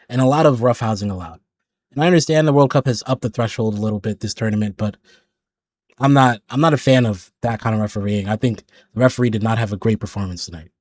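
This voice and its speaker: A man hosting his own football channel talks through a match in an animated, opinionated way, now and then sounding exasperated. His voice sits in a middle register. The sound is dry and close, with no room around it. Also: medium pitch, no room sound. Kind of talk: casual match recap.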